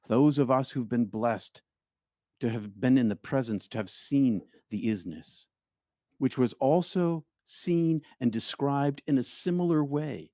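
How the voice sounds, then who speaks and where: A middle-aged man giving a reflective spiritual talk as host, often dropping into quiet, hushed phrases. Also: mid-range voice, dry recording, clean studio sound. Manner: slow, reflective, drops to near-hushed phrases. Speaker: spiritual speaker and show host.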